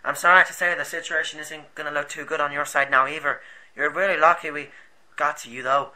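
An eager rebel leader, played by a man, explains at length in a bright, slightly high voice. The delivery is earnest and rambling, like amateur movie acting. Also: fairly even intonation, fairly quick, poor audio.

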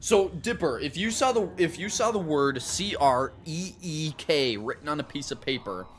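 A man's voice: on the high side, animated, moderate pace, a bit bright, slight background noise. A man streaming live in a casual chat, playful, drawing words out and laughing often.

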